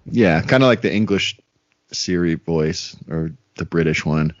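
A man's voice: sits low, unhurried, no echo. A man co-hosting a casual podcast, rambling with lots of fillers and acted-out quotes. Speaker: podcast co-host. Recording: dry, dull lo-fi sound.

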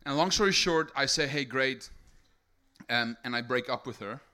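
This is a sermon testimony from a young man from South Africa, his bright, forceful mid-range voice moving at normal speed. He keeps engaging the live crowd, telling his story energetically and tagging lines with a rhetorical "right?"

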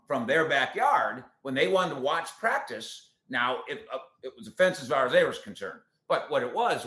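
A man hosts a casual sports talk show and rants opinionatedly at listeners. His voice is bright and forceful. The room has a noticeable echo. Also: medium pitch.

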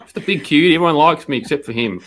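Australian male podcast co-host, blokey and profane, animated pitch. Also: racing. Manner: swearing, blokey banter. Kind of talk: casual sports betting chat.

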